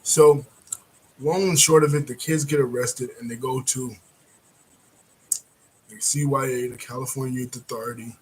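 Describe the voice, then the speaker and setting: A man casually recapping a film's plot as a reviewer, rambling with frequent fillers and throat-clearing. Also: mid-range voice, level tone, moderate pace, pauses often, slight background noise, low-quality recording. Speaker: movie reviewer.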